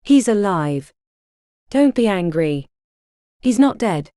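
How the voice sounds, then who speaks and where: A woman's voice: mid-range voice, big pitch swings, slow, mellow, dry recording, studio quality. A woman voicing a defiant young Saxon noblewoman arguing with her husband. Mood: frantic. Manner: defiant, pleading.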